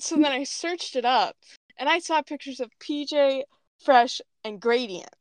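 A woman's voice: high voice, a little slow. A woman co-hosting a podcast in casual chat, laughing and explaining her old role-play choices. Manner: chatty, self-explaining, laughing. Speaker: podcast co-host.

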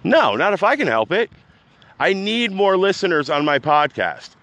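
A man hosting his own podcast, ranting unscripted, agitated and rambling, swinging between loud outbursts and low mutters. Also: big pitch swings, normal speed. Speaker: podcast host. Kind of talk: unscripted rant.

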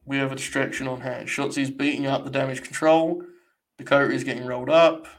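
A man's voice: medium pitch, flat delivery, brisk. Sarcastic young man riffing on a stream. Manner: sarcastic, blunt, swears freely. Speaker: live stream host. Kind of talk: casual live commentary on wrestling.

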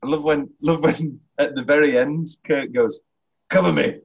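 A man's voice: on the high side, steady tone, moderate pace, slightly rough. A man hosting a casual chat about a comedy film, often laughing and quoting lines in put-on voices. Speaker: podcast host. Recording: dull, lo-fi sound.

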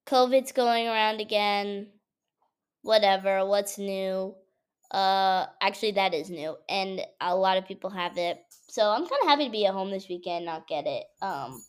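A woman's voice: medium pitch, clear, resonant tone. A young woman, a college student, chatting casually to the camera in a vlog, telling stories with lots of fillers. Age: young adult. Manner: chatty, animated storytelling with frequent fillers. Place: at home.

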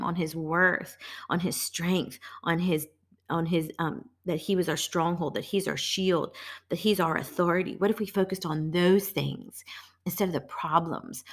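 A woman's voice: fairly low pitch, moderate pace. A woman hosting a casual devotional talk, earnest and emphatic, often repeating phrases. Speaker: host of a devotional show.

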